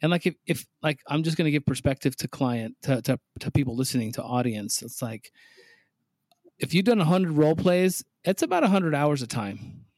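A man's voice: a little high, darkish tone, no echo. Emphatic man, blunt coach, dry sound. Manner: emphatic, blunt, casual swearing. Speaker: sales coach host. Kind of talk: casual chat.

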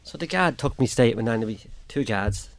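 A man's voice: medium pitch, lively intonation, fairly quick. An Irish man giving a plain spoken account as an interview guest, acting out what others said to him. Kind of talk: personal account in a radio interview.

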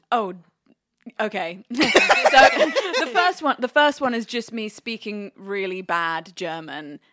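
A woman's voice: mid-range voice, expressive, slow pace, very noisy. A woman co-hosting a podcast, telling stories in casual chat with lots of laughter and self-deprecating asides. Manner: giggly, self-deprecating storyteller. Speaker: podcast co-host.

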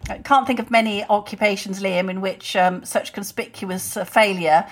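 A woman in her sixties co-hosts a casual political podcast, sounding indignant and opinionated. Her voice is mid-range with a steady tone, and she talks at a normal speed.

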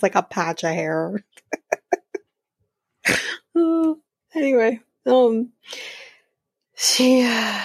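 Snarky woman podcast host, husky. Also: mid-range voice, a little mellow, no echo, clean studio sound. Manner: snarky, swears, laughs often, acts out quotes. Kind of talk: casual recap chat.

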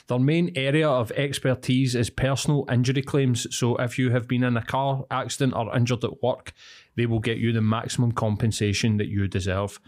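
A man's voice: medium pitch, darkish tone. A Scottish man co-hosting a podcast, chatting and loosely ad-libbing a sponsor read, laughing easily. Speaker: podcast co-host. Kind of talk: casual chat and read sponsor ad.

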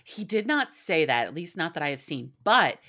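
Woman co-host, joking recap chat, bright tone, very animated pitch. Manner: quick-witted, joking. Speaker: podcast co-host.

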